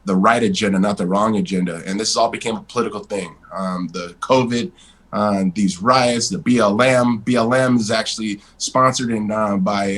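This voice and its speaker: The poor-quality audio captures a lowish voice from a man in his forties. As a casual interview guest, he's blunt and animated in his storytelling and swears without restraint.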